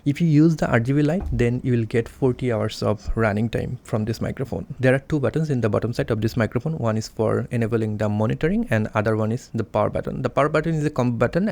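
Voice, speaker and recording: A man's voice: mid-range voice, fast, a little mellow. A man explaining a device step by step in a plain, careful way, with small grammar slips, recorded close on a desk mic indoors. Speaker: tech reviewer. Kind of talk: product review demonstration. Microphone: desk condenser mic, close up.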